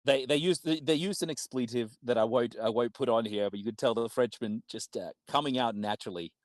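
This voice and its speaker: A man's voice: mid-range voice, a little fast, no room sound. A man with an Australian accent, commentating an online card game tournament in a chatty, upbeat way. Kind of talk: casual esports commentary.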